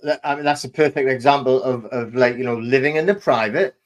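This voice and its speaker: A man hosting a casual interview, asking questions in a halting way with many restarts and fillers. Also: mid-range voice. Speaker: host.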